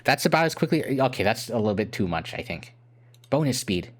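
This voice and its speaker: Giggly streamer with a lively voice. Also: medium pitch, fairly quick. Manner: chatty, giggly, talks to chat. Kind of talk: casual horror game commentary. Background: game music.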